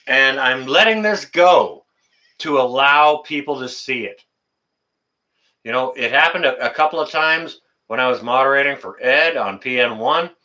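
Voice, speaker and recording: Speaking at a normal pace in a medium-pitched, pushed and bright voice, this livestream host chats casually with viewers, calling them out by name. He rants with indignation and keeps circling back to the same phrases.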